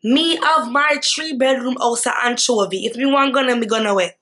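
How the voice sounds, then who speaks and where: A woman's voice: on the high side, normal speed, a bit bright, close to an everyday voice. A woman voicing her father's brash girlfriend, taunting with a Jamaican accent. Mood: defiant. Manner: taunting, jeering.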